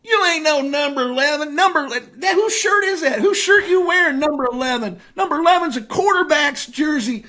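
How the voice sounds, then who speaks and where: A man impersonating a brash young male basketball star with a rural Indiana drawl, loudly taunting. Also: very high voice, animated, fairly quick, hardly any pauses, pitched above the performer's own voice, full character voice. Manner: mocking, loud, taunting.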